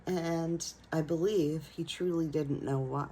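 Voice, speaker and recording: A woman who teaches young children tells a personal story in a gentle, reflective way. Her voice sits low and her pace is slow and unhurried. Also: steady tone, slight background noise, poor audio. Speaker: elementary school teacher.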